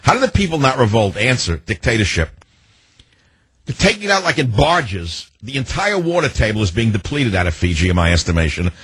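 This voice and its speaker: Older male talk host, low husky voice, sardonic and rambling, dry booth sound. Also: very animated, fairly quick, fairly bright tone, dry recording. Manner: rambling, sardonic, free-associating. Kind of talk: opinionated talk radio monologue.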